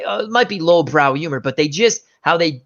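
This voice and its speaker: A man with a fairly high, bright, forceful voice hosts a casual chat, wandering through movie anecdotes and stalling as he hunts for actors' names. The sound is a little dull and lo-fi. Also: animated, brisk. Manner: rambling storyteller, often groping for names. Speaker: show host.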